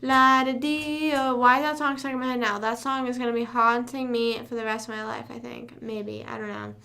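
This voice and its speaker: A woman's voice: on the high side, little pitch movement, brisk, creaky, bright, forceful tone. A young woman hosting a casual livestream, chatting loosely, rambling and humming to herself between thoughts. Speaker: livestream host. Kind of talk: casual live chat.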